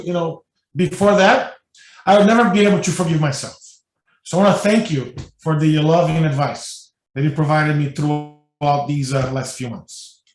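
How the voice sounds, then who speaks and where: A man voicing an exasperated woman fed up with her husband, halting and repeating herself, in an echoey room. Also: sits low, a little mellow, close to an everyday voice. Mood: grateful. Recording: echoey room, mic at a distance.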